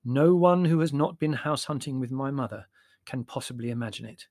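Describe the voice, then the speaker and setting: A man narrating a memoir as an audiobook with wry, expressive storytelling. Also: medium pitch, brisk, no echo, clean studio sound.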